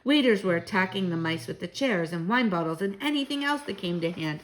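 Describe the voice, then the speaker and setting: Expressive female storyteller reading to children, lively pitch. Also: brisk, slight background noise, low-quality recording.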